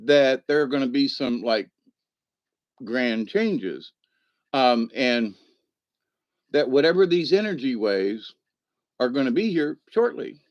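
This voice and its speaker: A man chats on a livestream in a middle-pitched voice. He rambles from one story to the next and laughs often. He breaks off to answer viewers in the chat. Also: animated, takes it slowly, pauses often, no room sound, dull audio. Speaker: livestream host.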